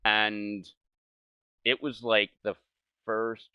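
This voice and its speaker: A man's voice: fairly low pitch, little pitch movement, drawn-out words, smooth, no echo, highs cut off. A young man casually telling a rambling, profane story over gameplay, laughing and mimicking the people he quotes.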